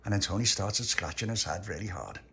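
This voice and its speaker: A man's voice: deep voice, lively intonation, fairly quick, vocal fry, a bit bright, slight background noise. A man telling a rambling, made-up children's story and chuckling at his own jokes. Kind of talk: improvised bedtime-style storytelling.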